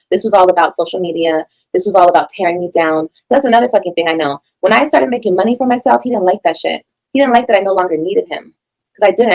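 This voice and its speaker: A woman's voice: fairly low pitch, gravelly, darkish tone, rough recording. A woman reacting to a recording, blunt, profane and emphatic in her commentary. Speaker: reaction streamer.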